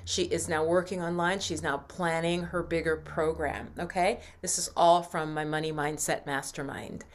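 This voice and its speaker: A woman mindset coach talking earnestly to her viewers, guiding breathing and affirmations in a slow, soft voice. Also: deep voice, steady tone, a little hiss or hum. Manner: earnest, encouraging, slows and softens for breathing exercises. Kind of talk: coaching talk with guided affirmations.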